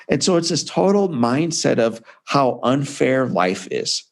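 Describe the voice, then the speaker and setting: A man's voice: medium pitch, very animated, normal speed, vocal fry, hardly any pauses. A man in his forties, an author and speaker, telling his personal story in an interview with emphatic, conversational energy. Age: 40s.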